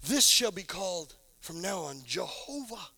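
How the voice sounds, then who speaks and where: A male pastor delivering a sermon in a high, bright, ringing voice. He sinks into quiet, low passages, then climbs back up to fervent shouts. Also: very animated, a little slow, creaky. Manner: preacher building to shouted exclamations; drops to a low hush for emphasis.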